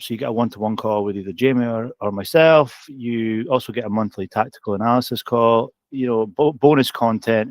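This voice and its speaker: A man's voice: on the low side, no echo. A man co-hosting a casual update about a coaching community, upbeat and often turning to his co-host by name. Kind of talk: casual promotional chat.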